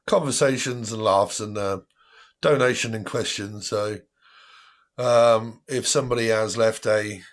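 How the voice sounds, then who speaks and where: A man's voice: fairly low pitch, steady tone, unhurried. A man hosting a live tarot stream in a casual, chatty way, often breaking into laughter.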